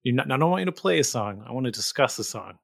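A man hosting a podcast, asking relaxed guiding questions. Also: mid-range voice, quick pace, creaky, no echo, studio quality. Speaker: podcast host. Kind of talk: casual interview chat.

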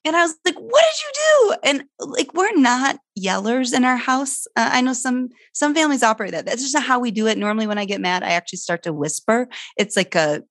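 Appearing as a guest, a middle-aged foster mother tells a frank, spirited story about parenting, her voice rising sharply whenever she gets agitated. She speaks a little fast with barely any pauses, in a fairly high, fairly bright voice full of lively intonation. The sound is dry and clean, as from a studio.

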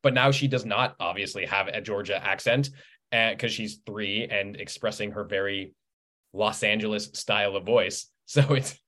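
A man in his thirties, a guest author chatting in an interview, telling anecdotes with lively acted-out quotes. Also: lowish voice, moderate pace. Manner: animated storyteller, acts out quoted voices. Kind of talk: casual conversational interview.

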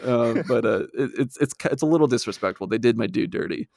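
A laid-back man co-hosting a casual film chat, with a gravelly, crackly voice at an ordinary pitch. He swears offhandedly and laughs a lot. The sound is dry, with no room echo. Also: brisk, darkish tone. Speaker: podcast co-host.

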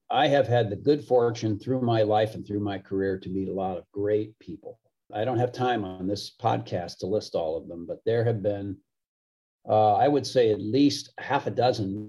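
On dull audio, a middle-aged man with a warm, lowish voice, a hockey broadcaster, shares anecdotes in a podcast interview. He tells them in a chatty way, acting out the people he quotes.

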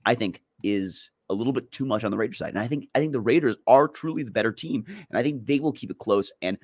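This man co-hosts a sports betting podcast, offering picks quickly in a medium-pitched, slightly mellow voice. The studio-quality audio has no room sound, and he's chatty and self-deprecating, repeating words while thinking.

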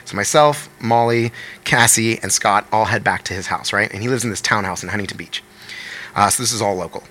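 Fast, bright-voiced man telling a wild story. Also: on the low side. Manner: animated, swears freely, acts out quotes. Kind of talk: casual storytelling chat.

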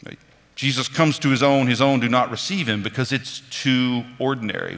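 A man preaching a sermon in a conversational, animated way, now and then acting out the voices of people in the story. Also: medium pitch, moderate pace. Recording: reverberant hall.

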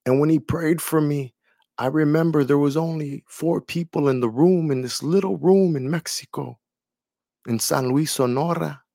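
A man's voice: a little high, normal speed, vocal fry, warm tone, dry recording, clean studio sound. A man sharing a personal faith testimony in an earnest, emotional way, repeating phrases for emphasis. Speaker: testimony speaker.

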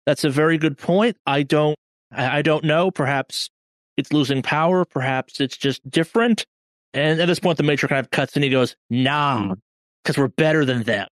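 A man's voice: fairly high pitch, normal speed, no echo, studio quality. A man narrating a tabletop game as game master in a casual, hedging way.

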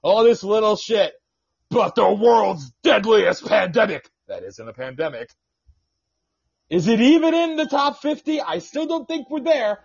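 A man's voice: sits high, very animated, a little slow, gravelly. A man hosting an independent radio show, ranting and teasing his co-host in casual, profane talk. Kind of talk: casual podcast rant. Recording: dull lo-fi sound.

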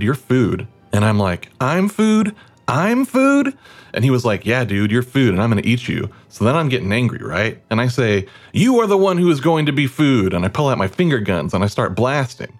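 A man voicing an excitable, animal-loving adventurer who chattily recounts a fight in a mock interview. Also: fairly low pitch. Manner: rambling, chatty, exaggerated quoted voices. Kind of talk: mock interview role-play.

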